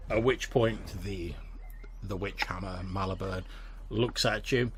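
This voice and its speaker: A man's voice: low-pitched, unhurried, slight background noise. A man narrating a tabletop game as game master, in a casual, rambling way. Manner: casual, rambling, filler-heavy.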